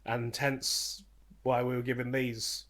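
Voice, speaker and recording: A man's voice: mid-range voice, little pitch movement, slow pace, a bit bright. A man co-hosting a casual film podcast, laughing often and talking loosely with plenty of swearing. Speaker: podcast co-host.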